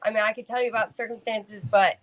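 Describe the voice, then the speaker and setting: A woman's voice: on the high side, fairly even intonation, fast, low-quality recording. A woman guest on a casual podcast, answering hesitantly and searching for her words. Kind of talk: casual chat.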